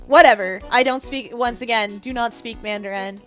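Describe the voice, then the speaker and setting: A woman's voice: on the high side, fairly even intonation, moderate pace, fairly bright tone, faint music behind. A young woman streamer chatting and joking with her viewers during a live game stream. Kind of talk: live gaming stream chat.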